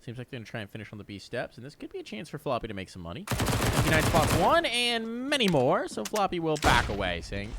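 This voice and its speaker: A man casting esports play-by-play, excitable and jokey with quick reactions. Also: medium pitch, heavy background noise. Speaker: esports caster. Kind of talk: play-by-play commentary. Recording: game gunfire audible behind.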